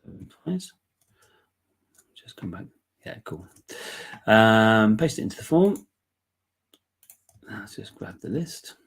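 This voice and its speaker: A man chatting his way through a live whisky giveaway, relaxed and rambling with frequent ums. His voice sits a little low and sounds husky and congested, as if he's still bunged up. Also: slow, long pauses. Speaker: whisky giveaway livestream host. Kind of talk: casual live chat.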